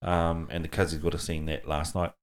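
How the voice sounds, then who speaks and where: Deep-voiced New Zealand man chatting. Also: fairly quick, clear, resonant tone. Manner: relaxed, laughs often, hesitant with many ums. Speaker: podcast host. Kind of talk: casual chat.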